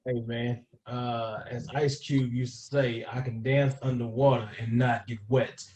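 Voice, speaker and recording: A man's voice: mid-range voice, little pitch movement, unhurried, darkish tone, breathy edge. A man co-hosting a podcast interview over a video call, easygoing and friendly, calling his guest "brother". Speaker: co-host.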